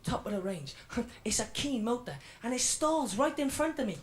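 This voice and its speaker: A man's voice: extremely high pitch, very animated, normal speed, slight background noise. An actor playing an edgy young male stand-up comic in his twenties with a Welsh accent, telling a swaggering routine in a radio drama. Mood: defiant. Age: 20s. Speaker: comedian performing a routine.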